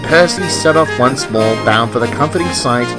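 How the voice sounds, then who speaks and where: A man giving scripted storybook narration in an animated, expressive way. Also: medium pitch, normal speed. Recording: festive music with jingle bells behind.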